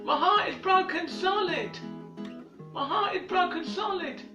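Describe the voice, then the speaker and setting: A man recording rambling video messages, repeating himself, stumbling over words and begging with shouted apologies. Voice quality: high-pitched, repetitive, halting. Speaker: internet personality in archive clips. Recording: echoey room, distant mic, faint music.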